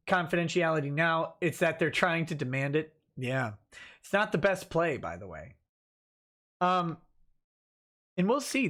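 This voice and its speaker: A man's voice: a little high, a bit bright. A man hosting a livestream, reading viewer comments aloud and answering them casually with restarts and chuckles. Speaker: livestream host reading chat.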